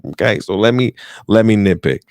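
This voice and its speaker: A man's voice: lowish voice, normal speed, a little mellow, no echo, clean studio sound. An American man with an African American English accent hosting a podcast, ranting casually and profanely, repeating phrases for emphasis. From United States. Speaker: podcast host.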